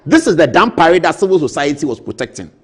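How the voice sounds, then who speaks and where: A man's voice: a little high, fast talker, breathy edge. A Ghanaian man hosting a TV talk show, giving theatrical, opinionated political commentary. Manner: animated, theatrical, acts out quotes. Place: TV studio.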